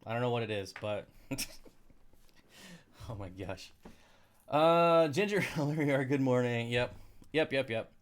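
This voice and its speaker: A man's voice: medium pitch, unhurried, pauses often. A man hosting a casual live stream, reading viewer comments, rambling and sarcastic about technical problems. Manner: rambling, sarcastic, easily frustrated. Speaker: aquarium channel live streamer.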